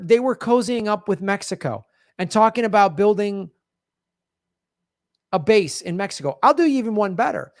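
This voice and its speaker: A fired-up man rants through his political commentary in a high, bright-edged voice. He keeps circling back, restarting sentences and piling on exclamations. The sound is close and dry, with no room around it. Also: gravelly, no room sound. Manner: emphatic, rambling, talks over clips with restarts. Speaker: political commentary show host.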